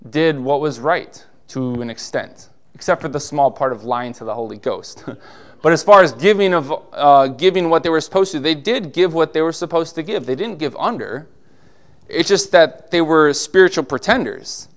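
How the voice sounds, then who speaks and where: Guy preaching from the pulpit, kinda casual, asks lots of questions, slightly high voice. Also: lively intonation, normal speed, fairly bright tone. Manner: conversational preaching with rhetorical questions and short laughs. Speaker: pastor. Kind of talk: sermon.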